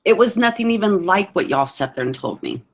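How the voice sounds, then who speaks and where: A young vlogger and host chats candidly in a fairly low voice, very animated and brisk, often acting out what other people said to her.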